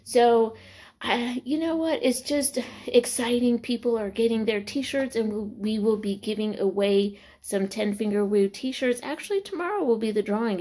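A woman in her forties, vlogging in an excited, exclamatory way with frequent laughter, filmed in a small corner of a room. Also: fairly high pitch. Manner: bubbly, exclamatory, laughing often. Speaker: vlogger sharing faith and school news. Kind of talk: excited casual vlog testimony.

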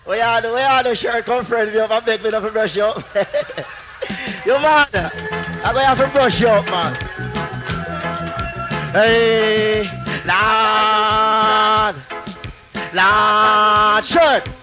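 Jamaican dancehall deejay guy, real high voice, chanting and taunting over loud music, muffled old tape. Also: steady tone, slow pace. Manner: chanting rhymes and taunting a rival, calling over the mic. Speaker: sound system deejay and selector. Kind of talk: live dancehall toasting over records. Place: dancehall sound system session. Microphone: handheld sound system mic.

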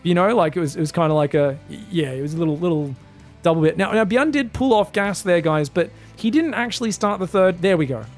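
An Australian man casting a live strategy game, chatting and joking with his viewers between plays and bursting into excited shouts. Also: high voice, brisk, faint music behind. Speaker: esports caster. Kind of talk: live game commentary and chat banter.

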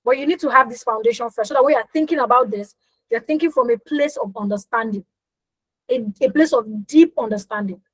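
A woman's voice: on the high side, fairly quick, dry recording, rough recording. A young woman coaching a live online business class, emphatic, repeating her phrases and asking the audience questions. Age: young adult. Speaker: business coach hosting a workshop.

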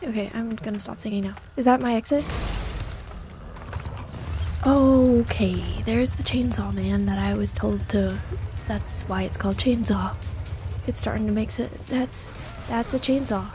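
A young woman narrates her gameplay in a casual let's play, talking to herself in a jittery, self-mocking way. Her voice sits a little high but sounds soft and mellow. Faint game music plays underneath. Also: fairly even intonation, measured pace, long pauses. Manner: jittery self-talk, frequent exclamations; jokey and self-deprecating. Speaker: gamer.

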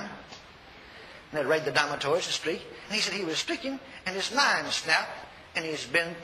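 A man preaching a sermon, telling a story in an animated, folksy way and shouting at the peaks. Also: fairly high pitch. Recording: long hall reverb, faint noise.

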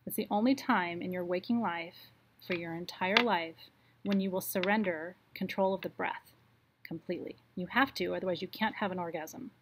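A woman leading a live online ritual, speaking slowly and soothingly as she guides a meditation, with her voice dropping softer for the affirmations. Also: fairly low pitch, slight background noise.

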